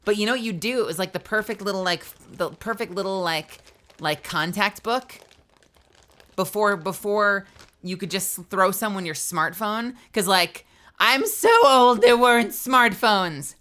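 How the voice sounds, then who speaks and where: Bright-voiced, outspoken woman streamer. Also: mid-range voice. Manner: outspoken, heavy swearing, lots of "like" fillers; animated, swings between quick bursts and drawn-out phrases. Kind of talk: casual live-stream chat, answering viewers.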